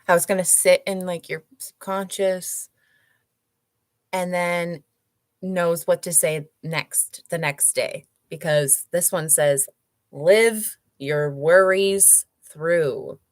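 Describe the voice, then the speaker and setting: A woman with a fairly low voice hosts her own show, reading book passages slowly and deliberately, then drifting into loose, rambling chat full of "like." The sound is dry and close, with no room echo. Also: level tone. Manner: casual, rambling, many "like" fillers. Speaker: host. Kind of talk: reading aloud and casual chat.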